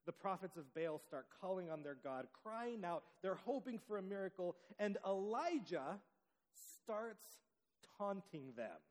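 A man preaching a sermon, telling the story with dramatic pauses and lively emphasis. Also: high voice, in a large hall, low-quality recording. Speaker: pastor.

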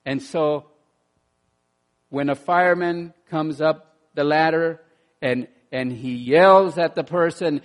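A man preaching a sermon in an animated way, dropping to quiet asides and rising to loud bursts, often repeating words as he restarts. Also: on the high side, slow. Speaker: pastor.

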